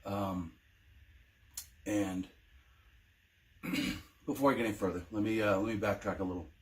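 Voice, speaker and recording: A man's voice: fairly low pitch, steady tone, measured pace. Emotional, hesitant veteran man. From United States. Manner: emotional, hesitant, many ums and restarts. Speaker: veteran telling his own story. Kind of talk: personal testimony vlog.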